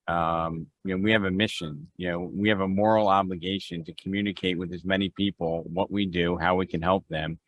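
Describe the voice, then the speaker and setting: A man's voice: low voice, fairly bright tone. A man leading a real estate mastermind on a video call, talking conversationally with restarts and acted-out phone exchanges. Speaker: real estate team leader.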